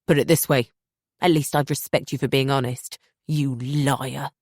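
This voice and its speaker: Woman reader as controlling husband, loud and accusing, low dry tone. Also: unhurried, dry recording, heavily acted. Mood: furious. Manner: accusing, raising his voice. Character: angry controlling young husband.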